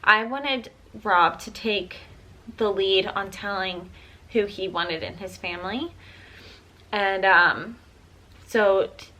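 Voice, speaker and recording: A woman's voice: medium pitch, takes it slowly, pauses often, sharp tone. A woman in her twenties chatting casually to camera in an earnest way, with many likes and ums as she tells a personal story. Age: 20s. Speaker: vlogger.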